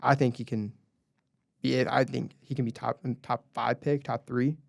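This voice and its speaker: A man's voice: medium pitch, level tone, a little slow, vocal fry, no echo. Young man on college sports radio, dry studio. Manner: reads off stats, leads the segments. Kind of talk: casual sports talk.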